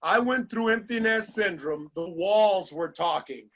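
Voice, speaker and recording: A middle-aged man speaks in a notably high, bright voice as he gives a motivational talk to a small group. He tells stories in an animated way and acts out the lines he quotes. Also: unhurried, poor audio.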